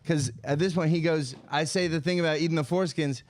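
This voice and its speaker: A man's voice: a little high, steady tone, fast, no room sound. A young man co-hosting a podcast, telling a comedy story in a rambling, amused way and cutting himself off mid-sentence. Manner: rambling, amused, self-interrupting. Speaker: podcast co-host.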